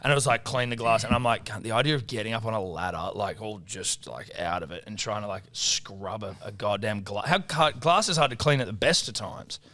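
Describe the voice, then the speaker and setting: Bright-voiced Australian man telling stories. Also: fairly low pitch, brisk, few pauses. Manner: animated storytelling, swears freely. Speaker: podcast co-host. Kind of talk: casual sports betting chat.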